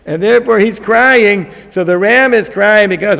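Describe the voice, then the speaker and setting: Man teaching Torah, high voice, gravelly, animated. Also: moderate pace. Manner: animated, acts out the figures in the story. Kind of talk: lecture on a Torah text. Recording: long hall reverb.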